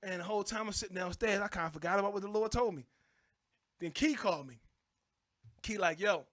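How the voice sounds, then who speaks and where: Fast-talking, bright-voiced man telling stories. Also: high-pitched. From Baltimore, USA. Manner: animated, acts out voices in his stories, laughs often. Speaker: guest, Christian rapper. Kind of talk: casual storytelling.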